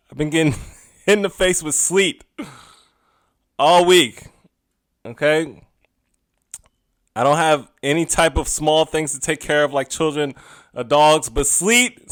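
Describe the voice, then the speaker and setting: A young adult man hosting a solo podcast in a casual, chatty way, laughing often and drifting between loud asides and quiet musing. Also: fairly high pitch, smooth, no room sound, clean studio sound. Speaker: podcast host.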